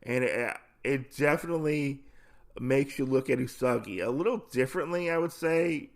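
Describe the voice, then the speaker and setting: A man's voice: mid-range voice, normal speed, creaky. A man hosting a comic podcast, recapping a story in a casual, rambling, joking way, correcting himself as he goes. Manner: rambling, self-correcting, jokey.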